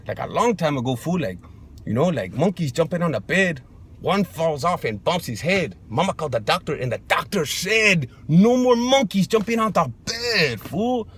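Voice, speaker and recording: A touchy young macho street tough, played by a man rambles in a slangy drawl and keeps calling people fool. His voice sits fairly high and swings up and down a lot. The tone stays defensive and sulky. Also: fairly bright tone, a little hiss or hum. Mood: rambling. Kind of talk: comedy sketch monologue.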